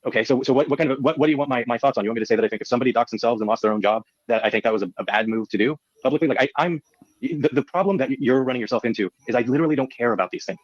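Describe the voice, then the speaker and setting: A man's voice: medium pitch, no echo. Guy on the defensive in an online argument, stumbles over his words, dull audio. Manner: defensive, halting, repeats words. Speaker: guest defending himself. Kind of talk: heated online debate.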